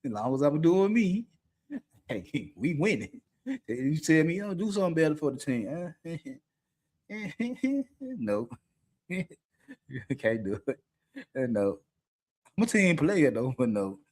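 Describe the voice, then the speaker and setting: A man's voice: a little high, very animated, slow, long pauses, a little mellow. A middle-aged man talking candidly as a podcast co-host, blunt and profane, often laughing mid-sentence. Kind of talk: candid unscripted talk.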